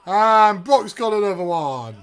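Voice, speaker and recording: A man reacts live, his voice sitting high. He talks slowly and excitedly, repeating words, restarting sentences and bursting into shouts. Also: clear, resonant tone. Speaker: video host reacting to a wrestling event.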